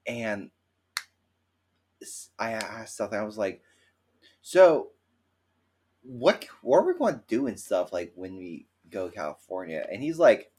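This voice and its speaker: A man co-hosting a casual podcast, telling stories in an animated way and acting out the quotes. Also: on the low side, unhurried, long pauses. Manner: animated storyteller who acts out quotes. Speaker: podcast co-host.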